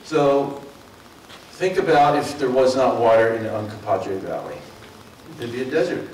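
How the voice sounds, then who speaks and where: This is poor audio of a middle-aged Mid-Atlantic man with a Philadelphia and South Jersey accent, a water district speaker giving a rambling, folksy talk to a community forum with plenty of fillers and self-corrections. His mid-range voice has a darkish tone at normal speed. The meeting room sounds roomy, he's far from the mic, and there's a little hiss or hum.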